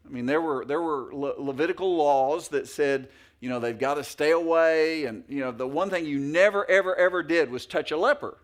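A man's voice: fairly high pitch, moderate pace, hardly any pauses. A middle-aged male pastor preaching a sermon in a folksy, anecdotal way with many fillers and restarts.

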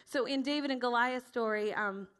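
A middle-aged woman teaching adults how to tell Bible stories to children, in an animated style that acts out the quotes and laughs often. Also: a little high, normal speed, clear, resonant tone. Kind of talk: teaching talk with storytelling.

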